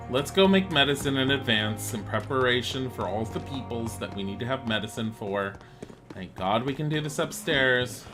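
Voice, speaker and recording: A man chatting sarcastically through a video game, talking to his chat as he plays. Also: mid-range voice. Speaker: streamer. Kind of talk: casual gameplay commentary. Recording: game music behind voice.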